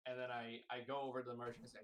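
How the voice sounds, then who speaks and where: A man's voice: mid-range voice, completely flat delivery, racing, a bit bright, a little hiss or hum. A man playing a tabletop game, eager and joking. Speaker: player. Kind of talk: casual tabletop play.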